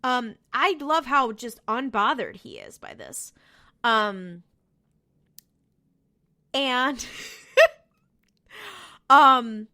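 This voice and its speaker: A woman's voice: fairly high pitch, lively intonation, extremely slow, long pauses, bright, forceful tone. A woman co-hosting a podcast, casually recapping a TV episode, chatty and cursing freely as she quotes the characters. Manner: chatty, swears freely, retells scenes with quoted voices. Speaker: podcast co-host.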